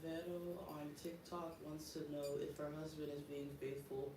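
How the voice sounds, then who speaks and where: An assistant reading out viewer comments in quiet, offhand asides from off-mic. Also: mid-range voice, level tone, moderate pace. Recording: distant, echoey, very noisy.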